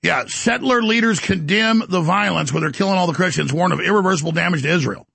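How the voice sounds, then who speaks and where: Gravelly, ranting male show host. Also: sits high, fast, bright, forceful tone, no echo. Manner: ranting, boastful, breaks into mocking voices. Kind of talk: heated political monologue.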